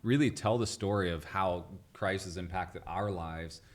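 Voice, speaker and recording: A man's voice: sits low, unhurried. A man guest in an interview, telling stories with energy and acting out the people he quotes. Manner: animated storyteller, acts out quoted people. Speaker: guest entrepreneur. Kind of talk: storytelling interview chat.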